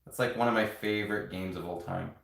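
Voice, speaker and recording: A man's voice: low voice, steady tone, brisk, gravelly, fairly bright tone. Chatty man live-streaming in an echoey room. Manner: rambling, chatty, talks to viewers while building. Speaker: toy building streamer. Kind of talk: casual live stream chat. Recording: roomy home room echo.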